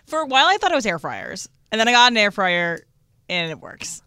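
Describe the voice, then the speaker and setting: Bright voice, easygoing rambly co-host, dry sound. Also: mid-range voice, big pitch swings, fairly quick, clear, resonant tone, no room sound. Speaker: podcast co-host. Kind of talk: casual chat.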